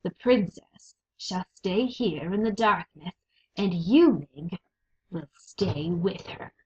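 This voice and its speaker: A cruel storybook rat who drawls out every threat with icy contempt, as a woman reader puts him on. His lines come slowly and deliberately, and the recording sounds muffled and lo-fi. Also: lowish voice, lively intonation, warm tone. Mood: contemptuous. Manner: slow, cold, contemptuous. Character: cruel sneering male rat villain. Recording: dull lo-fi recording.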